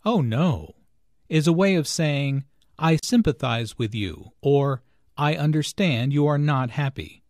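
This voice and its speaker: Brief: measured male teacher voice, slow and lively in pitch, dry close studio sound. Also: dry recording. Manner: careful, clearly enunciated explanations. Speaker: English lesson narrator. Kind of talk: slow scripted teaching narration.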